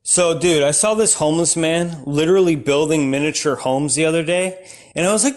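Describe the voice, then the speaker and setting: High-voiced deadpan stand-up comedian man. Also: brisk. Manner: deadpan, rambling, shouts in sudden outbursts. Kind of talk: absurdist stand-up bits.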